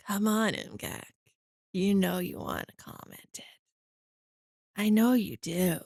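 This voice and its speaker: A woman's voice: mid-range voice, mellow, breathy edge, dry recording, studio quality. A woman streamer in casual chat with her viewers, teasing and giggly.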